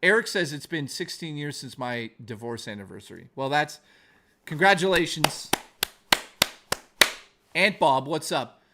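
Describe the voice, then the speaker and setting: A man's voice: a little high, animated, measured pace, pauses often, pushed and bright, slight background noise. A man on a live stream ranting in anger, swearing often, then reading his chat aloud. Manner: heated, profane, repetitive ranting.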